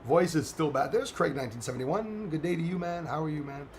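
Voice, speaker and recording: Hoarse man hosting a live stream. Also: fairly high pitch, expressive, a little fast, slight background noise. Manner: chatty, greets viewers, laughs often. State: hoarse, strained voice. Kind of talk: casual live-stream chat.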